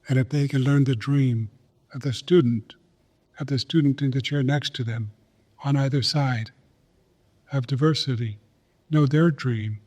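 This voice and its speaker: An older man telling a personal story in an interview, slow and earnest, repeating phrases for emphasis. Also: mid-range voice, darkish tone. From Pine Ridge Reservation, South Dakota, USA. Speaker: guest, Olympic champion. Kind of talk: reflective storytelling in a podcast interview.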